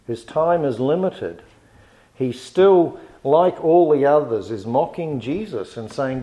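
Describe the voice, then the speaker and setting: A man preaches a sermon at a measured, earnest pace. His voice sits at an ordinary middle pitch and climbs when he presses a point home. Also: lively intonation, warm tone, poor audio.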